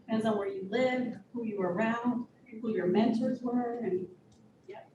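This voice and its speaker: A woman's voice: a little high, moderate pace, muffled recording. A woman speaking candidly to a meeting, telling a personal story and laughing often. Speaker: guest speaker. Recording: echoey room from far off with noise.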